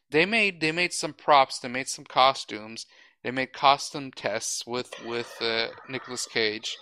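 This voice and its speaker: Male podcast host, crisp bright tone, opinionated rambling chat with frequent restarts. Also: mid-range voice, low-quality recording. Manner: swears casually. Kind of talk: casual chat.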